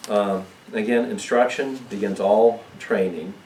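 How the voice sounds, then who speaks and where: A man with a very low voice teaches a church parenting seminar, calm and explanatory. He sounds distant from the microphone, in a room full of echo. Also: a little slow, a little hiss or hum. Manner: calm, explanatory, asks "okay?" often. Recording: echoey room, mic far off.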